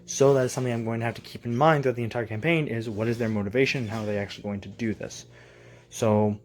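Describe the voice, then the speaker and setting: A man's voice: mid-range voice, steady tone, fast talker. A man talking as a tabletop game master in a casual home vlog, thinking aloud and correcting himself as he rambles through his plans, recorded in his basement.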